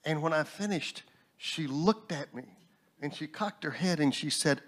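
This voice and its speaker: A man, a New Thought minister and instructor, sharing a personal story in a relaxed panel talk with humorous asides. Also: a little high, normal speed.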